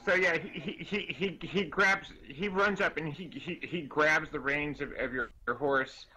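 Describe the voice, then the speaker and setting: Brief: man running a tabletop game, bright and somewhat high, halting narration. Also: poor audio. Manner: halting, full of fillers and restarts. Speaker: game master.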